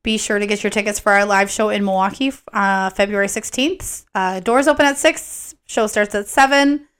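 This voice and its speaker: A woman's voice: mid-range voice, normal speed, a bit bright, clean tone. A woman co-hosting a casual true-crime podcast, rambling and chatty, her words a little slurred from coughing. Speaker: podcast co-host.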